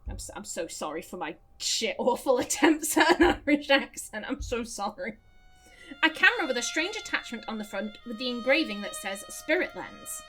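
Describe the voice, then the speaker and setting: Rich: A chatty woman gamer with a fairly high voice, joking about herself and swearing freely. Faint violin music plays in the background. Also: very animated, normal speed, pushed and bright. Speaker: gaming streamer. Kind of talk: casual let's-play commentary.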